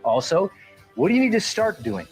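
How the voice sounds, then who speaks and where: Energetic male performance coach, high voice, quick and playful delivery, faint music behind. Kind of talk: motivational talk.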